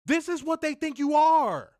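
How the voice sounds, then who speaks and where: A man's voice: very high-pitched, lively intonation, moderate pace, darkish tone, dry recording, clean studio sound. A man co-hosting a wrestling review show, ranting in a profane, exasperated way during casual podcast commentary.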